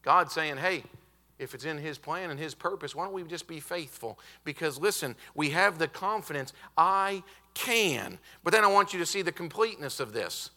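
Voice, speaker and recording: A visiting preacher, a man, delivers a revival sermon with a high, gravelly voice. His tone is piercingly bright and forceful, and he keeps addressing the congregation directly. He leans hard on drawn-out key words and builds up to shouted peaks. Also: animated. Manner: emphatic, building to shouted climaxes with drawn-out stresses; often says "hey, listen" to the congregation.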